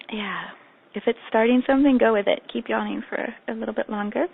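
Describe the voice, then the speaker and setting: Woman meditation guide, gentle and affirming, slightly gravelly, tinny phone-line audio. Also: fairly high pitch. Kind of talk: guided meditation on a group call.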